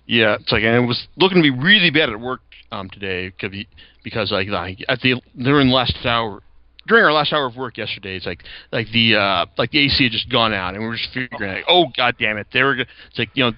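Talking fast and expressively at a medium pitch, this young podcast host rambles casually about comics, full of fillers and restarted sentences. There's no echo, though the recording sounds dull.

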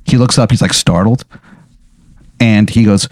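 A man with a fairly low voice, narrating an improvised comedic tabletop-style scene. He talks casually and rambles, with plenty of fillers and swearing. The recording is dry and close. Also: steady tone, normal speed, a little mellow, no room sound. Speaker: game master.

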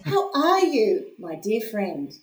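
A woman's voice: mid-range voice, wildly swooping pitch, takes it slowly. Chatty woman host, echoey room. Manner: chatty, laughing, rambling asides. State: hungover. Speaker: podcast host and storyteller. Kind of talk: casual chat.

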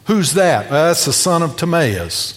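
A high-pitched male pastor tells a story in his sermon, acting out the characters' voices and swinging from hushed asides to bold outbursts. His delivery is sing-song and a little slow, and his words trail off into the long reverb of a church sanctuary.

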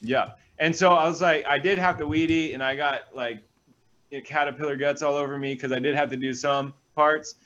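A man, a pastor, reading scripture aloud and breaking off into energetic, animated stories with quick asides. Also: a little high, lo-fi sound. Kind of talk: reading scripture and preaching in a talk show.

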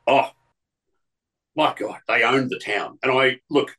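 Bright-toned man spinning yarns. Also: mid-range voice, slow, breathy edge, low-quality recording. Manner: rambling, many restarts and fillers. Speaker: radio presenter guest. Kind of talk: casual storytelling interview.

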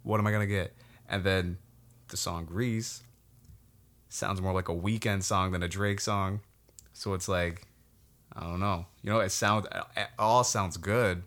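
A man's voice: sits low, steady tone, a little slow, long pauses, a bit bright. A man co-hosting a podcast, laid-back, talking things through with rhetorical questions. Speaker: podcast co-host. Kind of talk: casual chat.

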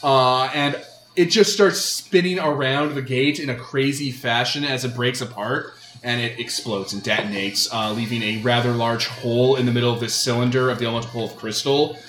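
A man's voice: mid-range voice, steady tone, normal speed, a bit bright, a little hiss or hum. A man running a tabletop role-playing game as game master, describing scenes with many fillers. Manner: descriptive, filler-heavy narration. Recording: roomy sound with faint music.

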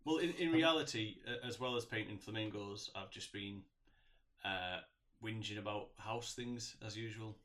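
A man's voice: on the low side, fairly bright tone. A man co-hosting a comedy podcast, upbeat and asking the others questions. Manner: upbeat, quick to laugh, leads the questions. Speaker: podcast co-host. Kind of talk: casual comedic chat. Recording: faint background noise.

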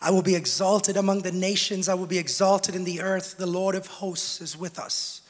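A man preaching a sermon to a congregation, swinging between shouted exhortation and quiet teaching, and joking with the people in front of him. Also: sits high, steady tone, normal speed. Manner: jokes with the congregation. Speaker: pastor. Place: church hall with congregation. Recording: long church hall reverb.

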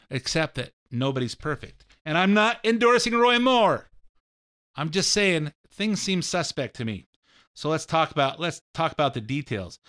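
Blunt ranting man host, smooth voice. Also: fairly high pitch, fairly bright tone. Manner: blunt, ranting, repeats himself. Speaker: show host. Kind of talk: opinionated political monologue.

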